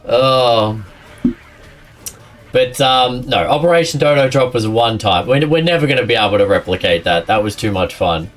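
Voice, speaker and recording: A man's voice: mid-range voice, expressive, normal speed, distant mic, faint music behind. A man streaming a game, chatting casually with his viewers and a friend, often laughing and rambling. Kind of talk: casual live-stream chat while gaming.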